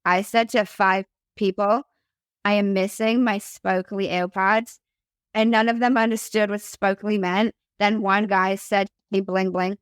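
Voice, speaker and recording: A young woman tells a story in a relaxed chat, swearing freely and playing out each quoted line. Her voice is smooth and clear. The sound is close and dry. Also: mid-range voice, unhurried, no echo. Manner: animated, profane, acts out quotes. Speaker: podcast host telling her story as guest.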